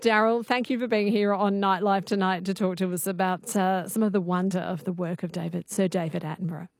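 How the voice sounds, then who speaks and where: A woman hosting a live radio talk show, brisk and friendly. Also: medium pitch, steady tone, dry recording. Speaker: radio host. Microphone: studio microphone.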